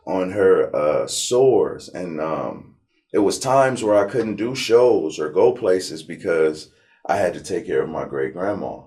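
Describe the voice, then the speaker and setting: A man from Southern California, an interview guest, telling his life story with feeling, swearing freely and acting out what others said. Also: low-pitched. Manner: animated, profane, acts out quoted people.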